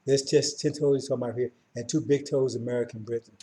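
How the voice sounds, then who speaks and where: A man's voice: mid-range voice, fairly even intonation, quick pace, dark tone. A middle-aged man teaching an informal Bible class in an emphatic way, often asking his listeners "right?" and "see?". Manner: emphatic, keeps checking in with listeners.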